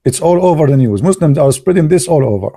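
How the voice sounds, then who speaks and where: Gravelly-voiced man. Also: fairly high pitch, lively intonation, warm tone, no room sound, clean studio sound. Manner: halting, many fillers and restarts, sarcastic asides. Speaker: online commentator. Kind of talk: casual live commentary.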